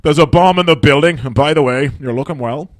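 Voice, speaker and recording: A man's voice: a little high, brisk, no echo, close to an everyday voice. An Irish man playing a polite bomb-threat caller who ends with a compliment. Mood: chummy. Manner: matter-of-fact, then flattering.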